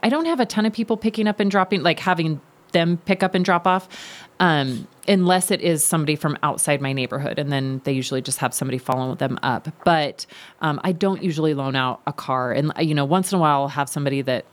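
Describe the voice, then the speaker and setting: A low-pitched woman talks easily on a detailing show panel. She agrees emphatically and laughs often as she explains how she works. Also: fast talker. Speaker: guest detailer. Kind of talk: casual panel chat.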